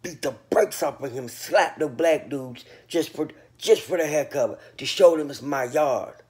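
A man's voice: on the high side, normal speed, darkish tone. Boastful man rambling in street slang. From North Carolina. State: sleepy. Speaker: vlogger. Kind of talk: casual monologue to camera.

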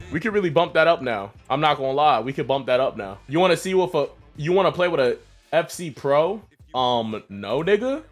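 Excitable young gaming streamer guy. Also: a little high. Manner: excitable, swears a lot, yells at plays. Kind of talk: casual gaming commentary.

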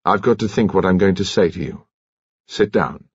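A man voicing a troubled older colonel in an audiobook, speaking in a subdued, measured, grave way. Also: low-pitched, husky, dry recording, muffled recording.

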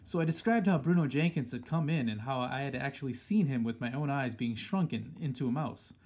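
A man reading a children's story aloud in a steady, plain storytelling manner. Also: medium pitch, brisk. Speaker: audiobook reader. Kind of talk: storybook narration.

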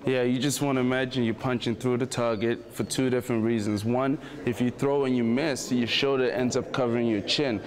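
A man's voice: mid-range voice, steady tone, a little fast, few pauses. A man, a professional boxer, casually explaining how he throws his punch in an easygoing way. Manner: easygoing, plain, says "basically" often. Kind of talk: casual demonstration.

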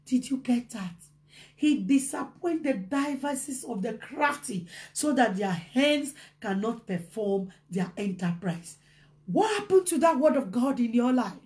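A woman preaching a motivational sermon, impassioned, swinging from shouted bursts to hushed low lines. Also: expressive, unhurried.

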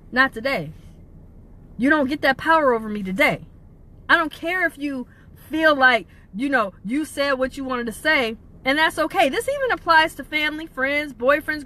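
A woman speaks as a life coach in a motivational talk, driving her points home with rhetorical questions. Her voice sits high and sounds bright and forceful. Her pitch leaps up and down as she stresses words. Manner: emphatic, asks rhetorical questions, lively pitch swings.

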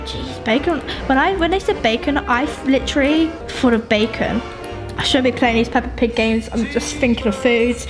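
A young woman giving excitable gaming commentary, shrieking and pleading with characters on screen. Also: fairly high pitch, moderate pace. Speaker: gaming YouTuber. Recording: game music behind voice. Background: music.

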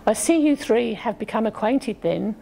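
A woman voicing a gentle, reassuring man who put a spell on his horse. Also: a little high, lively intonation, normal speed, vocal fry, soft background music. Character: kindly man who keeps a bewitched horse.

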